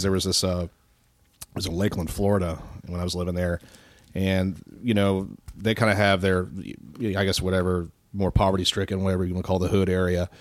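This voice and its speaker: Low-voiced man telling a rambling story. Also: a little mellow, no room sound, studio quality. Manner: profane, rambling, mimics people in his stories. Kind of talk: casual storytelling.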